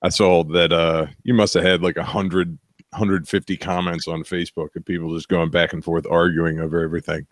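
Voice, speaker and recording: A man co-hosting a podcast, dropping quick teasing remarks. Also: low-pitched, flat delivery, no echo, clean studio sound. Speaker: podcast co-host. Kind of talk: casual chat.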